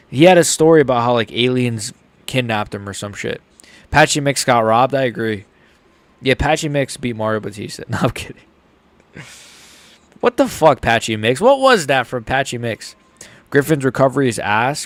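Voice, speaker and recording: A young man hosting a casual live reaction stream. He swings between mumbled asides and loud, excited outbursts. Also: medium pitch, no echo. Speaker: host.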